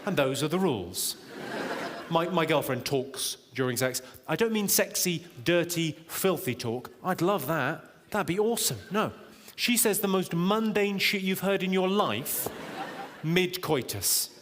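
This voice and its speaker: A man doing live stand-up comedy in a large auditorium, deadpan and teasing the crowd. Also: on the high side, measured pace, a little hiss or hum. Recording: echoey live hall, loud audience laughter. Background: audience laughter.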